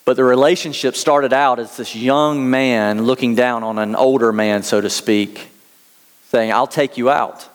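A man's voice: mid-range voice, fairly even intonation, a little slow, big-room sound. An American man preaching a sermon as pastor, telling a story in earnest and reading scripture aloud. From United States.

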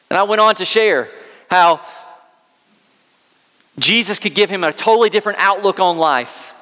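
A male pastor preaching with earnest storytelling and casual asides. His voice sits a bit high for a man. A long reverb trails each phrase in a church hall. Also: sharp tone. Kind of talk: sermon.

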